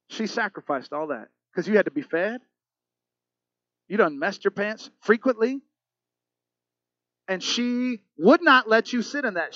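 A man with a high voice preaches a sermon. He swings from loud exhortation to hushed calm and puts pointed questions to his listeners. The sound is dry and a little dull. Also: normal speed, no echo. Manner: asks the congregation direct questions. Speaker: pastor.

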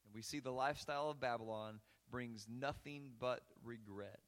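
A man's voice: medium pitch, normal speed. A male pastor preaching a sermon and reading scripture aloud with earnest, rising emphasis in a church sanctuary. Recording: long hall reverb.

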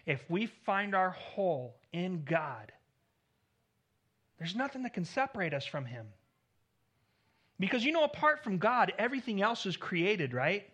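A man delivers a sermon with a high, bright voice. He preaches earnestly, rising in volume on key points, then dropping soft at the ends of phrases, and he sometimes repeats a word as he restarts. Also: big pitch swings, unhurried, long pauses. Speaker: pastor.

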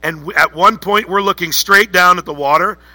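A man preaching a sermon with a very bright, forceful tone and a slightly high voice. He tells a vivid story in the second person and repeats phrases for emphasis. The sound is dry and close. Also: fairly quick, no echo. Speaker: pastor.

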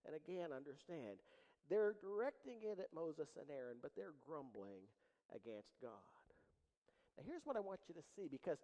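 A man preaching a sermon as pastor, animated, with dramatic pauses and rising emphasis. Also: a little high, in a large hall, rough recording.

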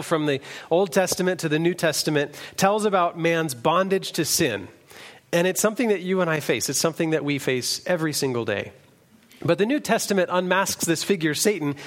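Male preacher, earnest sermon delivery, voice a bit high. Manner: earnest, reads scripture aloud, some restarts.

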